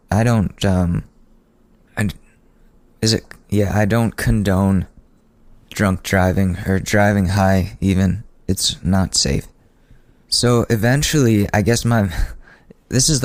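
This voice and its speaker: A podcast host telling a personal story in a casual, sardonic, rambling way, with frequent restarts. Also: male voice, deep voice, no room sound.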